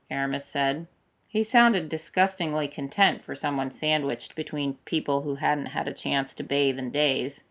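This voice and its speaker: A woman reads a story aloud with steady, expressive narration. Her voice is notably low for a woman, calm, and even. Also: moderate pace. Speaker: fanfic reader. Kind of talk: storybook reading.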